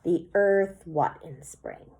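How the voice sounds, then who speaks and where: A woman teacher giving a slow, clear poetry lesson for children, sounding out words syllable by syllable. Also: lowish voice, warm tone.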